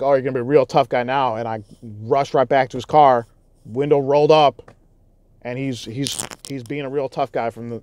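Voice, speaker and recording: A young man vlogging loud and profane, his voice heated and full of restarts. He speaks at a middle pitch, and the recording is dry and close. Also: no echo. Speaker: YouTuber. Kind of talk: casual vlog recounting.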